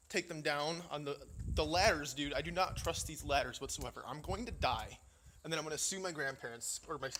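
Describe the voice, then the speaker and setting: A man's voice: a little high, pushed and bright, a little hiss or hum. Young man ranting outdoors, out of breath. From Indiana. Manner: profane, complaining, says "man" often. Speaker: vlogger. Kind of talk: casual vlog walk-through, ranting. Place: outdoors on a rural farm. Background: faint insects and crickets.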